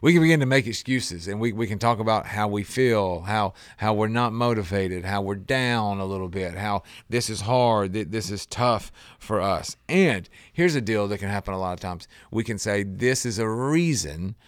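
A man's voice: on the low side, moderate pace, few pauses, no room sound, studio quality. A man hosting a radio talk show, reflecting in a conversational, anecdotal way with frequent restarts.

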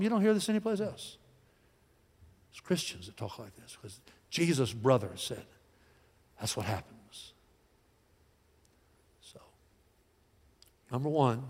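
A man of forty or older preaching a sermon in a folksy way, dropping to soft, slow lines and rising to loud calls. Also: mid-range voice, long reverb tail. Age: 40s or older. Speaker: pastor.

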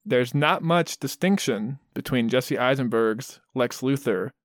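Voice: medium pitch, measured pace, no echo. Blunt, profane podcast co-host, dry sound. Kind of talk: casual podcast chat.

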